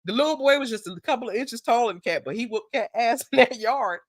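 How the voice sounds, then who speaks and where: Woman doing a live stream chat, super expressive voice going all over, acts out quotes, dry close sound. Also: fast talker, dry recording. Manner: animated storyteller who acts out quotes in a higher voice.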